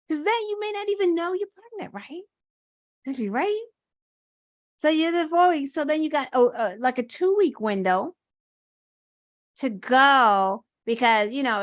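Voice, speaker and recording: A woman's voice: high-pitched, a bit bright, no room sound. A woman hosting her own show, talking in casual political commentary with indignant rhetorical questions and swearing. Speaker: show host.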